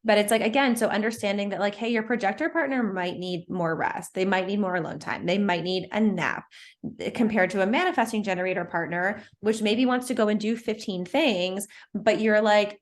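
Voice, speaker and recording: A woman's voice: medium pitch, a little fast. Chatty woman guest from Canada. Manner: chatty, many "like" fillers, laughs easily. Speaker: guest, Human Design teacher. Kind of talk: casual interview chat.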